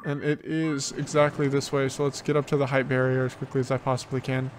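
A man at an ordinary pitch talks his way through a video game in relaxed commentary. He thinks aloud and often repeats the same phrase as he plays. Soft game music sits faintly behind him. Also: quick pace. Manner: thinks aloud, repeats himself while playing. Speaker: let's play host. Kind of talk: casual gameplay commentary.

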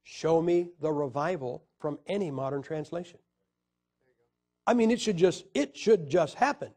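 A man teaching about Bible translations in an argumentative way, asking rhetorical questions and pausing on fillers. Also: a little high, animated, a little mellow. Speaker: preacher.

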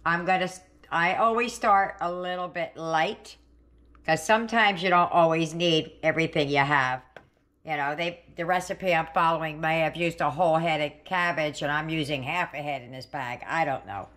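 Middle-aged woman host, home cooking vlog, chatty thinking-aloud delivery, lowish voice. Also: normal speed, fairly bright tone. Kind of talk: casual home cooking video. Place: home kitchen.

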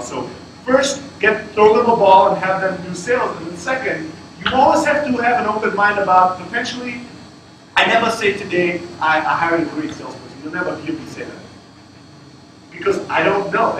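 Blunt, high-voiced man in an echoey room. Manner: blunt, profane, emphatic storytelling. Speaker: startup founder speaking at a fireside chat. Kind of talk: casual talk to an audience. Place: event room with an audience. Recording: far-off echoey room with loud noise.

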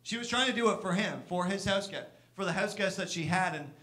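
A man's voice: brisk, sharp tone. A pastor preaching a sermon in church, earnest, sometimes acting out the complaints of the people he speaks about. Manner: earnest, acts out Martha's complaints with raised pitch.

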